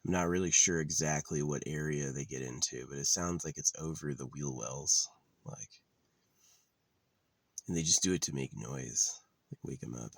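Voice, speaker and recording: A man's voice: extremely low pitch, normal speed, vocal fry, no room sound. A man talking in a casual, rambling monologue, blunt and profane with a wry edge. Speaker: vlogger. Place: living out of his car.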